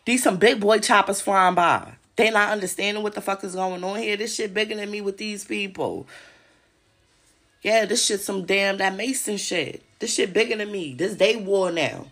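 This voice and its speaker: Gravelly-voiced woman ranting, profane and agitated. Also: mid-range voice, moderate pace, a bit bright. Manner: agitated, profane, repeats herself. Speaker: podcast host. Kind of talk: casual monologue to listeners. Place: home.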